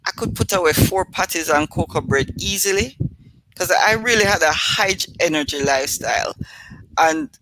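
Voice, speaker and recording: A woman's voice: fairly low pitch, normal speed, background noise. Chatty Jamaican woman host. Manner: chatty, laughs at her own stories. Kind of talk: casual live-stream storytelling.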